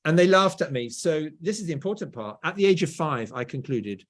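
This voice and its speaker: His voice runs a little high, animated and brisk. He's a middle-aged man from England with a BBC-style southern accent, a guest author telling stories in a conversational interview and regularly tacking "right?" onto his points.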